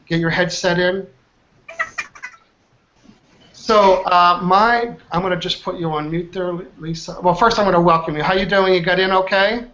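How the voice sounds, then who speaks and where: Guy running an online training, high voice, keeps asking the group questions, muffled call sound. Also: normal speed, a little hiss or hum. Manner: energetic, quizzes the group with questions. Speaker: trainer, workshop host. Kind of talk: live online training session. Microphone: online video call. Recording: dull lo-fi call audio.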